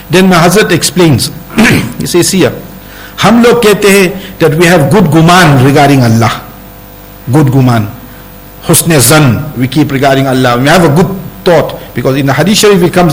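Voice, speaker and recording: Man preaching a sermon, fairly high voice. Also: rough recording. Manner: mixes English with Urdu and Arabic terms, recites verses quickly.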